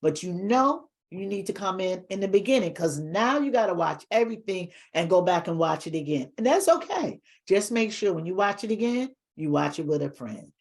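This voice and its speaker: A woman hosts a talk show with an upbeat, direct way of speaking to her viewers. Her voice sits a little low for a woman and carries easily. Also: animated, moderate pace, few pauses.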